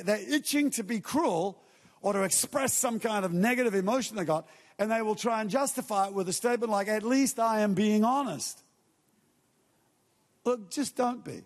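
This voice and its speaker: High-voiced preacher in a reverberant hall. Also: male voice. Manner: conversational preaching with acted-out quotes and asides. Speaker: pastor. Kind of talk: sermon.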